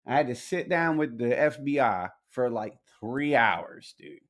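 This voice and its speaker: With a mid-range voice and measured pace, this podcast guest, a military veteran from Alabama, tells war stories casually. He's animated, slangy, and profane, voicing the quoted dialogue as he goes.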